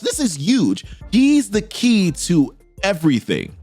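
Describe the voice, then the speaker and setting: A man hosting a casual comic book recap in an animated, chatty way, with slangy asides. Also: high-pitched, slow pace, hardly any pauses, soft background music.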